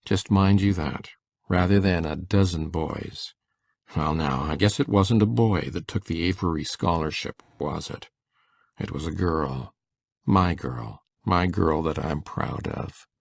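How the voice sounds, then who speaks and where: Guy doing a shy old farmer, super deep and gravelly, slow homespun talk. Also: no room sound, exaggerated voice. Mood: tender. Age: older. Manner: slow, halting, homespun speech. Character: shy gentle elderly farmer, quiet and fond. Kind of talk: full-cast audiobook drama.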